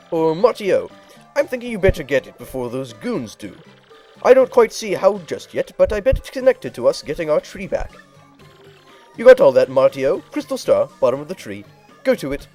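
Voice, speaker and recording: A man's voice: fairly high pitch, sing-song, moderate pace, mellow, soft background music, voice pushed up. A man voicing a crotchety, bossy old female tribal elder in a game playthrough, scolding and barking orders. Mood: explaining.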